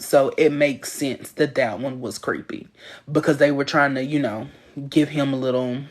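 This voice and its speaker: A woman hosting a casual livestream, chatting with viewers and reading their comments in an animated, emphatic way, laughing often. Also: low-pitched. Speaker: livestream host.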